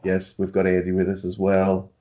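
A man's voice: deep voice, monotone, normal speed, warm tone, muffled recording. A man hosting a podcast in casual, rambling, self-deprecating chat. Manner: rambling, self-deprecating, many fillers and restarts. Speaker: podcast host.

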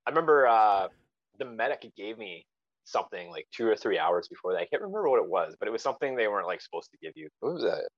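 A man recalls old times in an easygoing way, laughing often, with lively ups and downs in his voice. He comes through a dull, muffled, dry-sounding line. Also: on the low side, fast, dry recording. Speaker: podcast guest, army friend. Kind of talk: casual chat.

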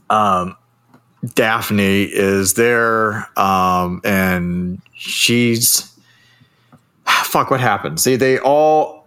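A man's voice: mid-range voice, a bit bright, smooth. A man in casual chat, recapping a movie in a rambling, profane way and laughing often. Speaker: podcast co-host.

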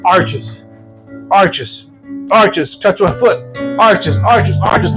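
A man preaching as an evangelist, telling healing stories with laughter and quick acted asides. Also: high-pitched, music in the background, poor audio. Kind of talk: preaching a testimony sermon.

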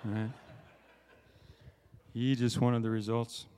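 A man's voice: mid-range voice, level tone, slow pace, mellow, big-room sound, slight background noise. A man giving a conversational, self-deprecating sermon at a conference, often checking in with "right?" asides. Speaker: conference speaker.

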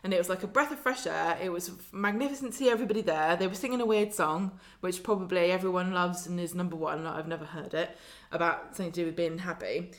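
A woman co-hosting a casual chat, recapping a soap episode and acting out its characters' lines. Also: fairly low pitch. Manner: chatty, acts out lines in quick put-on voices. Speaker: podcast co-host.

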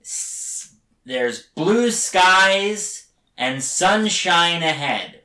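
A man doing an impression of a male film director, slowly reading a weather report in a deadpan, drawn-out voice. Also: heavily acted. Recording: roomy, distant low-quality recording.

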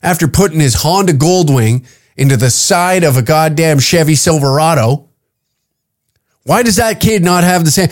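A man's voice: a little high, lively intonation, normal speed. A man from Canada, a comedian hosting his own podcast, ranting profanely and heatedly on his own. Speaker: podcast host and stand-up comic. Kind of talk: solo podcast rant.

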